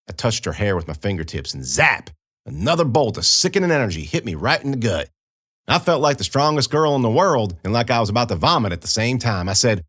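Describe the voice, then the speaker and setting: A man's voice: mid-range voice, sing-song, brisk, a bit bright, dry recording, studio quality. A man narrating a horror audiobook in the first person, telling it in a folksy, conversational way.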